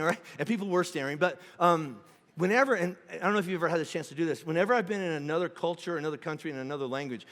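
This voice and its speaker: A high-voiced man pastor preaches to his church, spinning a comic story with lively swings from loud outbursts to hushed asides. His voice carries a long reverb from the big auditorium. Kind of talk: sermon.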